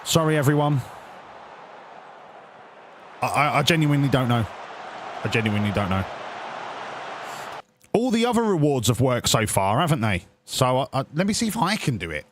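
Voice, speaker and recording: A man's voice: medium pitch, big pitch swings, moderate pace, pauses often, a little hiss or hum. A young man streaming a football management game, talking casually with viewers and cheering his players, swearing often. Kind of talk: casual live-stream commentary.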